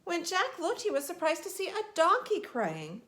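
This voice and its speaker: A woman reading a picture book aloud in an expressive, animated way. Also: extremely high pitch, moderate pace. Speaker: storyteller.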